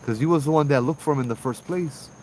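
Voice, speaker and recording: A man with a Hawaii local accent telling a ghost story casually, animated, acting out the voices of people in it. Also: on the high side, quick pace, slight background noise, low-quality recording. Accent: Hawaii local English. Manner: animated, acts out voices in dialogue. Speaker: ghost tour guide and storyteller.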